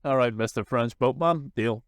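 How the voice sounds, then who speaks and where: A podcast co-host thinks aloud as he plays along, reasoning through each step in casual chat. His voice is smooth and resonant at a middle pitch. The sound is dry and close. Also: moderate pace, no room sound.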